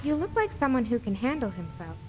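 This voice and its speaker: A forward young woman stranger in a game, voiced by a woman, asking to tag along. Her voice sits high and swings widely in pitch. The delivery is stilted and halting throughout. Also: sing-song, a little mellow. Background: game music.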